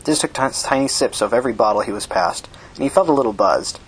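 A man reading short fiction aloud as narrator, plain and steady. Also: mid-range voice, fast, a little hiss or hum.

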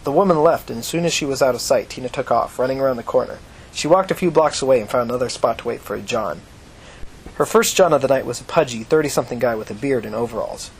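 A man narrating an audiobook in a steady, measured reading. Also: mid-range voice, slight background noise.

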